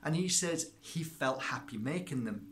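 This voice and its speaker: A spiritual healer, a man, telling a personal story in an animated way and acting out both sides of the conversation. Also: fairly high pitch, normal speed. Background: background music.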